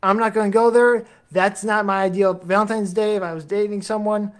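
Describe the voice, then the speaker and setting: A man's voice: high voice, fairly even intonation, fairly quick, smooth, natural voice. A man quoting a fussy, scheming office salesman, reading the lines in a barely changed, slightly raised voice. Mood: smug.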